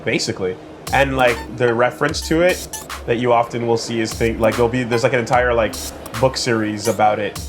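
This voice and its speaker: A man's voice: mid-range voice, fairly even intonation, a little fast. A man hosting casual, joking commentary over a video game, with lots of banter. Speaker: host, let's play commentator. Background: game music.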